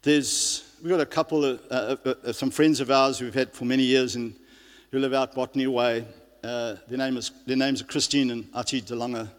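A man's voice: medium pitch, fairly even intonation, moderate pace. Man preaching in a reverberant hall. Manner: earnest preaching, many restarts and fillers. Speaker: pastor. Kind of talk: sermon. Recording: long reverb of a large hall.

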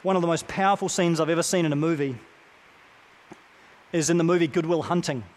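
A man preaching a sermon, earnest and deliberate, repeating key phrases with slow pauses. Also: on the high side. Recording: long reverb of a large hall.

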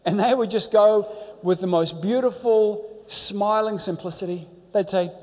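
A high-pitched man delivers an emphatic sermon, leaning on repetition and storytelling. His voice rings out through a church with a long, lingering reverb. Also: measured pace, darkish tone. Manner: emphatic, repeats phrases, storytelling. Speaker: pastor.

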